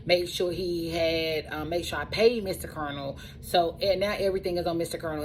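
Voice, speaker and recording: A woman with a fairly low voice tells her personal story in a loose, chatty way. She runs a truck driving school and comes back to the same phrases again and again to hammer a point home. Soft background noise sits faintly under her voice. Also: fairly quick, hardly any pauses, low-quality recording. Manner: animated, repeats phrases for emphasis.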